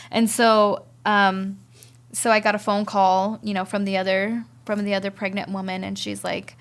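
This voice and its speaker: Appearing as a guest on a podcast, a woman offers a personal testimony in a mid-pitched voice with a gravelly, creaky quality. Her tone stays level as she speaks haltingly, frequently repeating words while she sorts through her memories.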